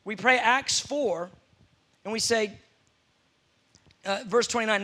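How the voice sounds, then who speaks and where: A man's voice: sits high, normal speed, long pauses, pushed and bright. A man preaching a sermon, telling stories with playful acted-out scenes.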